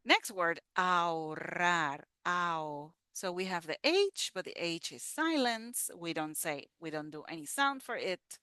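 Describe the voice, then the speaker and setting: A woman teaching a slow pronunciation lesson, patiently repeating each word. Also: lowish voice, animated, bright, forceful tone, smooth, no echo. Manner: patient, repeats words slowly. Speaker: Spanish teacher.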